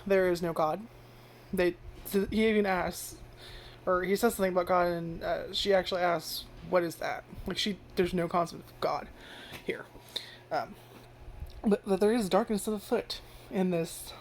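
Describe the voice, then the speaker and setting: A woman's voice: fairly low pitch, moderate pace, pauses often, a little hiss or hum. A woman giving casual first-impressions commentary on an anime, rambling with lots of filler words and frequent swearing. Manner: animated, jumps into loud acted-out reactions. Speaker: anime reviewer.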